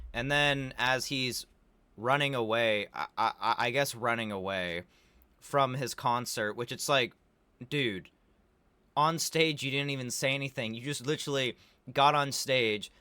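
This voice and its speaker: A young man with a bright, forceful voice recaps a movie in a loose, rambling rant. He swears often and leans on filler words. The sound is close and dry, with no room around it. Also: medium pitch, unhurried, long pauses, smooth, no echo. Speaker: video creator reviewing a movie.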